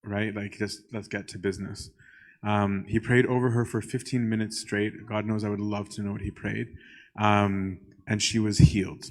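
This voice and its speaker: A man, a priest, telling a church story in a conversational way, often checking in with the listeners and pausing on "um". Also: on the low side, flat delivery. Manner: conversational, keeps checking in with "right?"; frequent filler "um".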